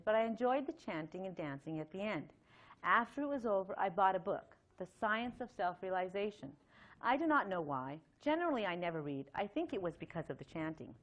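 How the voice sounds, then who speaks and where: A middle-aged woman giving a Sunday temple lecture, talking conversationally with many fillers and reading a long letter aloud. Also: medium pitch. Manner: conversational, chatty with frequent fillers and light laughs; reads a letter aloud at length. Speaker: temple speaker.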